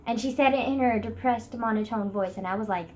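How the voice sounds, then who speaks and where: A teenage girl sits on her bed and rambles through a casual vlog, dramatic and full of fillers. Her voice sits fairly high, with a faint noise behind it. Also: a little fast, darkish tone, low-quality recording. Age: teens. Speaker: vlogger. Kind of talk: casual vlog chat about school. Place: bedroom, sitting on a bed.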